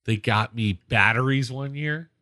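A man's voice: mid-range voice, unhurried, bright, forceful tone. A man in his forties, a podcast co-host, chatting casually and telling rambling stories, often repeating himself. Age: 40s. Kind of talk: casual chat.

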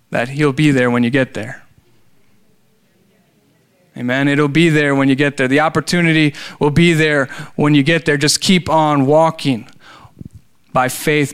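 A man's voice: fairly high pitch, fairly bright tone, clean tone. A man preaching a sermon as a pastor, calling for amens and building to fervent exhortation. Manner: preaching with call-and-response, rising to fervent exhortation. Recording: faint music behind.

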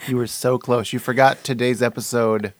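A man's voice: medium pitch, fairly even intonation, normal speed, a crowd in the background. A man co-hosting a casual podcast in a playful way. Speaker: podcast co-host. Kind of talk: casual chat.

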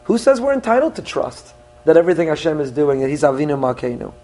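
A man's voice: a little high, sing-song, fast talker, warm tone. Earnest man teaching a sermon. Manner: earnest teaching, with rising emphasis on key points; mixes English with Hebrew phrases. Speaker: rabbi.

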